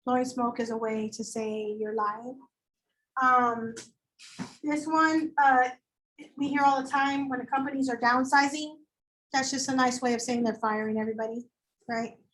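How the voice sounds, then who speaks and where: A woman teaching a high school English lecture, chatty and animated, acting out quoted voices as she explains. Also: measured pace, poor audio. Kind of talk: classroom lecture.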